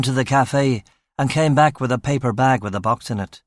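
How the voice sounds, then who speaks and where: A man reading a crime novel in the first person, in a measured, dry, matter-of-fact way. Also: medium pitch, no echo. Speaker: audiobook narrator. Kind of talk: scripted first-person audiobook narration.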